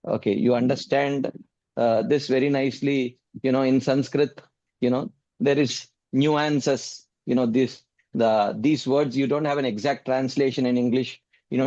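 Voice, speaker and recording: A man teaching and answering questions in a scripture class, speaking in a measured way, repeating key points with many "you know" fillers. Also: medium pitch, a little mellow, no room sound, lo-fi sound. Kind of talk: explanatory Q&A teaching.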